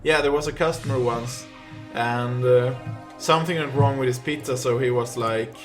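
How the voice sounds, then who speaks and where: A man's voice: mid-range voice, steady tone, moderate pace, faint music behind. A young man from Sweden with a Swedish accent, chatting casually on a live gaming stream and rambling through stories with many fillers.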